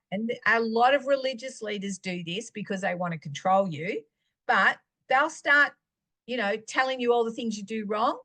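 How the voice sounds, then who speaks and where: Woman, preacher, storytelling teaching, acts out dialogue, fairly high voice. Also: moderate pace, a bit bright. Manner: storytelling, acting out her own dialogue. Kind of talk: personal teaching talk.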